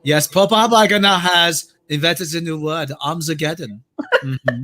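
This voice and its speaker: Comic bit: a man playing a scheming rich mogul, German accent, smug, pitched a little high. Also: huge pitch swings, a bit bright, breathy edge, full character voice. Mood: pompous. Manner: smug, chuckling, drawn-out delivery. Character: pompous scheming rich male media mogul. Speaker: co-host.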